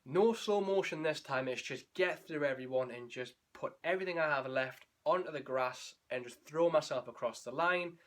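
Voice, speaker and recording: A man's voice: on the high side, moderate pace, hardly any pauses, fairly bright tone. Candid man recapping a race. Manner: candid, emotional, rambling with restarts. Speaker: running vlogger.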